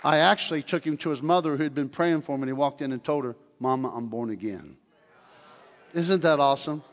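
An older man preaching a sermon in a church, telling stories with animated humor. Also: a little high, fast talker, a faint crowd, a little hiss or hum. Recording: long hall reverb.

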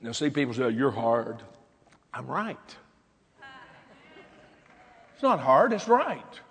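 A man's voice: on the high side, sing-song, slow pace, fairly bright tone, long reverb tail, slight background noise. An older male pastor preaching a sermon emphatically, with repetition.

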